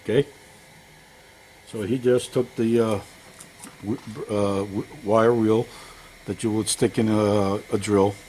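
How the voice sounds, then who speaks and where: Working on an engine at home, an older vlogger rambles folksily to his audience in a lowish, level, slightly mellow voice. He takes it slowly with long pauses, and a faint hiss or hum sits under the recording.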